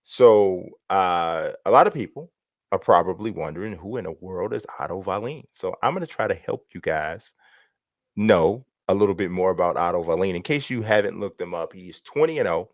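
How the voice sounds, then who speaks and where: A man's voice: deep voice, animated, normal speed, no echo. A man co-hosting a casual boxing chat, rambling and restarting his sentences, often laughing. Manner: rambling, laughs a lot, self-interrupting. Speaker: boxing podcast co-host.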